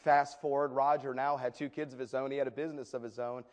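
A male preacher telling a story in a sermon, animated and often repeating words as he goes. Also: medium pitch, quick pace. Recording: echoey hall with long reverb.

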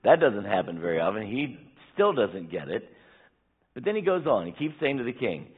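A man delivers a sermon from the pulpit, his low voice husky and a little rough. He builds to loud, emphatic peaks, then drops to quiet, close asides. The sound is thin and tinny, like a phone line. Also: very animated, moderate pace. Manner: preaching with rising, emphatic bursts and quiet asides. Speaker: pastor. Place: church sanctuary. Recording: tinny phone-like church recording.

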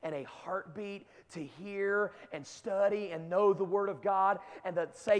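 High-voiced preacher in a reverberant hall. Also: male voice, fairly even intonation, unhurried, hardly any pauses. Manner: builds from quiet storytelling to shouted exhortation. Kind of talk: sermon to young people.

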